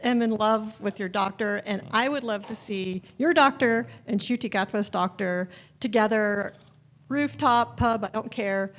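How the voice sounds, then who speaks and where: A woman's voice: mid-range voice, unhurried. A woman fan at her first convention, gushing as she speaks to the guest from the audience. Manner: gushing, excited. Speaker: fan asking a question.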